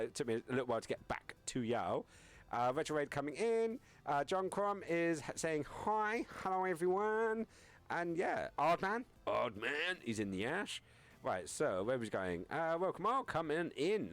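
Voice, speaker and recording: A young man streaming live, chatting casually with viewers, reading chat aloud and joking around. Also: medium pitch. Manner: rambling, joking, reads chat aloud and laughs often.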